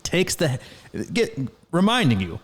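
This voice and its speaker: A man's voice: fairly high pitch, measured pace. A middle-aged man co-hosting a podcast, telling a story in casual chat with lots of restarts and laughs. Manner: rambling, animated, laughs often, many restarts. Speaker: podcast co-host.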